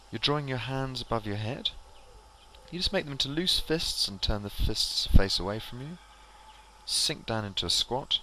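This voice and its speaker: A man leading a qigong exercise class, calmly cueing each movement and breath step by step. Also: on the low side, slight background noise. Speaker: qigong instructor. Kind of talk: guided exercise instruction.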